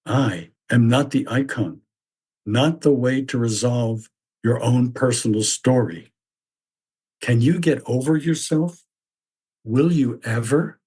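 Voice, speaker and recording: A man voicing a stern mythic figure who lectures bluntly in a measured, repetitive way. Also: medium pitch, darkish tone, slightly rough. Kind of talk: reflective spoken essay.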